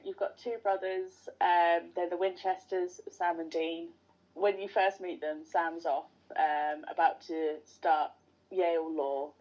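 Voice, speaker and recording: A woman chats eagerly as a guest on a podcast, her voice low-set and mellow. The recording sounds dull and lo-fi. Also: steady tone, slow. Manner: chatty, enthusiastic fan talk. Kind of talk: casual interview chat.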